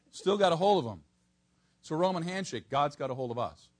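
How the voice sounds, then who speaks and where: Speaking to a congregation, a man with a slightly high voice gives an animated expository sermon that veers from gentle asides to emphasis that's nearly shouted.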